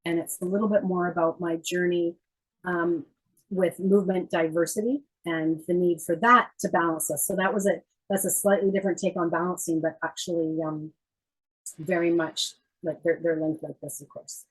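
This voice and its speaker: Lively storytelling woman, dance teacher. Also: lowish voice, moderate pace, husky, low-quality recording. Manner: animated, laughs often. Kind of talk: casual storytelling chat.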